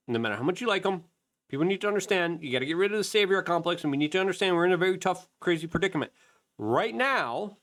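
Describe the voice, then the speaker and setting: A man hosting opinionated political commentary, emphatic and repeating points for stress. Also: fairly high pitch. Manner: emphatic, animated, repetitive for emphasis.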